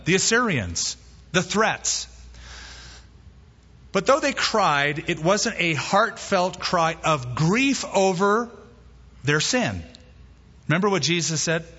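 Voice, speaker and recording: A man preaching a sermon as pastor, emphatic and slowing down to stress key words. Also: fairly high pitch, sharp tone, breathy edge. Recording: muffled hall recording with long reverb.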